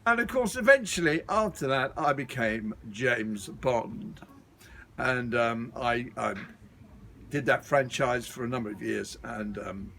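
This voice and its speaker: A middle-aged man doing a comic impression of an aging, suave British film star, talking in a slow, drawn-out, lowered voice outdoors. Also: gravelly, fairly bright tone, a little hiss or hum. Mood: languid. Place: outdoors at a community garden.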